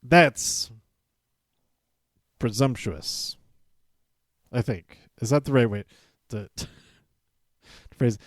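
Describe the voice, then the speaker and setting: Taking it slowly and pausing often, this medium-pitched male podcast host recaps a show in a casual, chatty way. He chuckles often, stumbles over words, cuts himself off, and performs quoted lines in livelier voices. The recording is dry and of studio quality.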